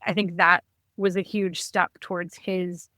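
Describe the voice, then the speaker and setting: A woman guest on a podcast, telling a personal family story in an animated, conversational way. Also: fairly low pitch, measured pace, no room sound. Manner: animated, acts out quoted dialogue.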